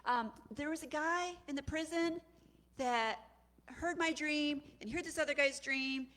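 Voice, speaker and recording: A woman voicing a nervous male royal cupbearer who talks quickly and sheepishly to his king. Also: high-pitched, a bit bright, pitched above the performer's own voice. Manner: sheepish, fast, flustered.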